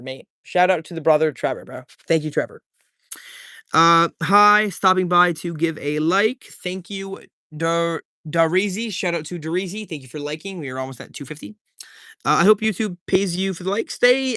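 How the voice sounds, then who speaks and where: A laid-back male streamer talks in a slightly higher-than-usual voice, chatty and loose, full of slang as he reads comments and thanks viewers by name. The sound is close and dry, with almost no room around it. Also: sharp tone, no echo. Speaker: live streamer. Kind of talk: casual livestream chat, reading out viewer comments.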